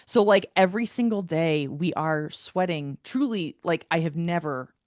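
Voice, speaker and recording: Animated lower-pitched woman telling a story. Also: normal speed, dry recording, clean studio sound. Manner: animated storytelling, filler-heavy, swears. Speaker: podcast co-host. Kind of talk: casual chat.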